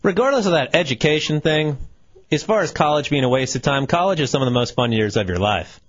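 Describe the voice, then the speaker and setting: A man's voice: on the high side, expressive, a little fast. Young man, 20s, radio co-host, easygoing, hesitant, contrarian, dull lo-fi broadcast. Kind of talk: casual call-in talk radio banter.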